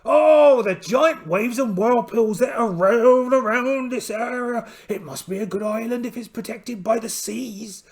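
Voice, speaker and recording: A man's voice: very high voice, unhurried, gravelly, hardly any pauses, exaggerated voice. A man voicing a polite, boastful one-eyed pirate captain in a solo tabletop game, theatrical and full of exclamations. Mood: hearty. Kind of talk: in-character solo game narration.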